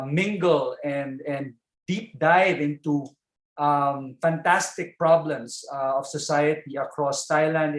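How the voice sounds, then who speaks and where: A man with a Filipino accent giving a chatty keynote speech over a video call, filling pauses and tagging lines with "no?". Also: fairly high pitch, roomy sound, poor audio. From Philippines. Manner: chatty, warm asides, frequent fillers and tag "no?". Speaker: keynote speaker.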